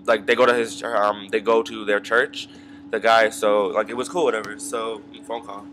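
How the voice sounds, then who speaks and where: A man's voice: lowish voice, little pitch movement, moderate pace, fairly bright tone, slight background noise. A young man telling a long story in a casual, rambling rant, swearing freely and filling it with ums and side remarks. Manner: rambling, profane, full of fillers and asides. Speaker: vlogger.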